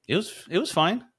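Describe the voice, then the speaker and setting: A young man co-hosts a comedy podcast in loose, casual chat. His voice is bright and forceful, and it swings widely in pitch as he riffs and laughs at his own bits. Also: slightly rough, no echo, clean studio sound. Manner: playful, riffing, quick to laugh. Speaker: podcast co-host.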